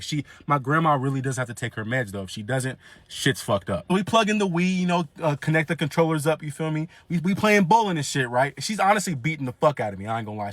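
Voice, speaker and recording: A young man spins a comedic story from his own life in a fast, slangy, profane rush, stumbling over his words as he goes. His voice sits a little high for a man, and the recording is dry and close. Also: no room sound. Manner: profane, slangy, animated, frequent restarts.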